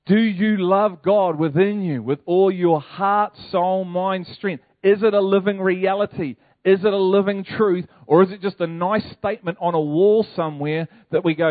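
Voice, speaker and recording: Higher-voiced New pastor, tinny. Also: male voice, a little slow, dry recording. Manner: animated, conversational preaching with rhetorical questions. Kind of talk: sermon. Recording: tinny phone-like, dry sound.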